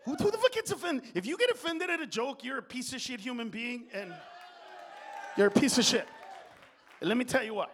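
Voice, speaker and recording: Man comic, very high voice, loud and foul-mouthed on a club stage, slips into Spanish slang. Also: expressive, a little fast, pauses often, a faint crowd, a little hiss or hum. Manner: profane, shouting, mixes in Spanish slang. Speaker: stand-up comedian. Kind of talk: live stand-up comedy.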